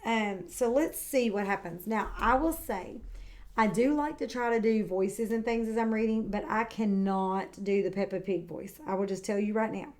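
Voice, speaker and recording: A woman teaching kindergarten and reading a picture book aloud, who models words clearly and praises the children warmly. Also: medium pitch. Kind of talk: read-aloud lesson for young children. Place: home, indoors.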